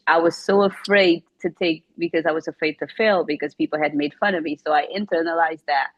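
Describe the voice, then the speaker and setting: A woman's voice: low voice, fairly even intonation, a little fast, few pauses, no room sound, highs cut off. A woman who is a teacher, getting over a cold and speaking English as a later language, tells a personal story and becomes tearful. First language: not English. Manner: tearful, laughs at herself. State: recovering from a cold, emotional. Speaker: guest, teacher. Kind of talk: personal story on a talk show.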